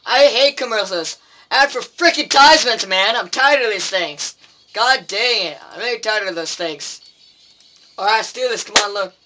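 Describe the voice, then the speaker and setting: A man's voice: high-pitched, normal speed, pushed and bright, slight background noise. A teenage boy commenting on his own gameplay, swearing and pleading with the game in frustration. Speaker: gameplay video maker.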